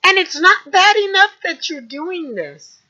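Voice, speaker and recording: A very high, bright-toned woman rants furiously at her viewers, swearing and sometimes shouting. Her voice swings widely in pitch while she speaks slowly and deliberately. The recording is dull and lo-fi. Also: expressive. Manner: swearing, indignant, shouting at times. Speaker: vlogger. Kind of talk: angry rant to camera.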